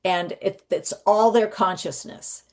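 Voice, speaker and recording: A woman guest, a psychic medium, telling stories in a rambling, animated way with frequent restarts. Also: medium pitch, a little slow. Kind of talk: conversational storytelling.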